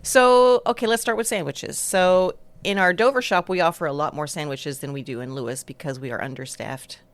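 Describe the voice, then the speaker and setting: A woman's voice: low voice, brisk, no room sound. A woman who grew up in the United States and France, a bakery co-owner, answering interview questions in a friendly, explanatory way.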